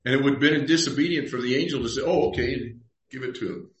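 A man's voice: mid-range voice, fast. A man pastor teaches a Bible study in an easygoing, conversational way. He reads scripture aloud and acts out the people in the passages. His voice rings with a roomy echo. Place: church room.

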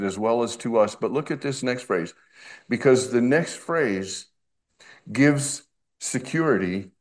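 A middle-aged male pastor preaching an expository sermon, slow and emphatic, with conversational asides. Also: mid-range voice.

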